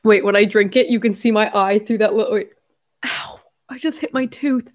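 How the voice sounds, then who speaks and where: A young adult woman hosting a casual livestream from home, chatting effusively and reading viewer messages aloud with quick asides and self-corrections. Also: mid-range voice, steady tone. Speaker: livestream host.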